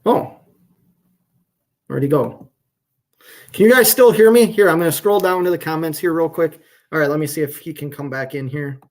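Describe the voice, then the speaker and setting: A man trucker chatting casually on a live stream from a hotel room, talking in slow, halting phrases with frequent restarts. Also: a little high. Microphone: phone on hotel wifi.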